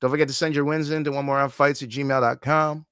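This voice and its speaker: A man's voice: mid-range voice, flat delivery, fast, a bit bright, clean tone, dry recording, clean studio sound. A man hosting a casual livestream, reading chat comments aloud, swearing freely and laughing often. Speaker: host.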